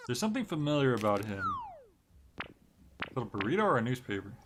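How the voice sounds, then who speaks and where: A man's voice: medium pitch, very animated, fairly quick, long pauses, noisy background. A young man casually commenting as he plays a game on stream, chatty and often restarting his sentences. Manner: chatty, reads game dialogue aloud, trails off and restarts. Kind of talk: casual let's-play commentary. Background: game music.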